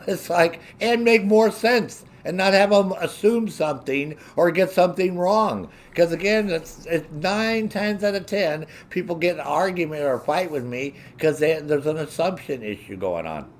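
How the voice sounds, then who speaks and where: A man's voice: a little high, normal speed. Profane ranting male streamer. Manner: profane, heavy swearing; animated, indignant. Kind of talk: casual ranting to stream viewers.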